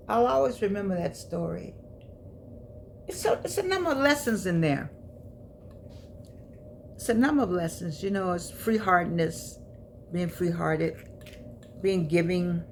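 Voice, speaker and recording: A woman in her eighties telling personal stories from her life in a lively, chatty way, with laughs and asides to her listeners. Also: fairly low pitch, creaky, slight background noise. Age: 80s. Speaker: memoir vlogger. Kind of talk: personal storytelling.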